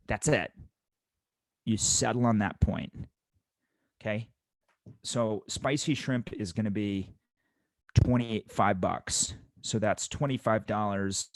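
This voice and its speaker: Low-voiced man coaching restaurant servers. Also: slow pace, long pauses, no room sound. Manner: coaching, walks through the math step by step; emphatic, repeats key points. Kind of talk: instructional talk.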